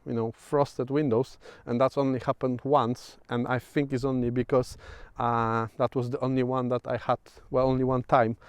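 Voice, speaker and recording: A man with a Polish accent rambles through a casual vlog update, pausing often on fillers and restarting his sentences. His voice is smooth and resonant, recorded close and dry with no room sound. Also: medium pitch, flat delivery, no echo. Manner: hesitant, many fillers and restarts. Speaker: vlogger. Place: outdoors at sunset.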